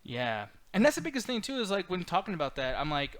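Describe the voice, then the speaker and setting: Man, host of a casual movie review chat, rapid talker, bright voice, swears freely. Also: high voice. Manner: fast, animated, profane.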